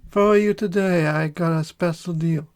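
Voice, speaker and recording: A man voicing a fast-talking barber with a vague put-on accent, stumbling as he reads the lines. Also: on the high side, fairly even intonation, creaky, darkish tone. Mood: pushy. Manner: halting, stumbling over lines.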